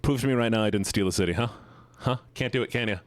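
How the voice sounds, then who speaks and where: A man's voice: on the low side, quick pace, no echo. A man streaming live, chatting casually and teasing his chat with playful mock-villain boasts.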